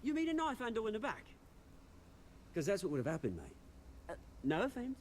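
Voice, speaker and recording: Cockney gang boss, theatrical, high voice, swooping delivery, video game. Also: male voice, huge pitch swings, fairly quick, a little mellow, slight background noise. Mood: cocky. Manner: theatrical, showy, possessive. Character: theatrical scheming middle-aged man, old friend turned gang leader.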